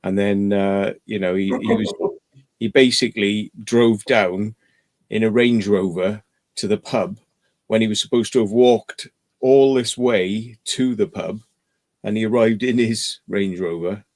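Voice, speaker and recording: Bloke, lowish voice, umming through a story. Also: male voice, a little slow, darkish tone. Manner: hesitant, lots of ums and uhs while telling stories. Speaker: chat participant. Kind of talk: casual group chat.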